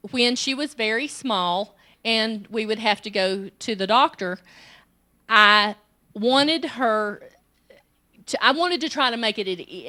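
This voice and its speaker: Bright-voiced woman preaching with stories. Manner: storytelling, acts out quoted child and self in high pitch. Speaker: women's ministry director, conference speaker. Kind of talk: sermon.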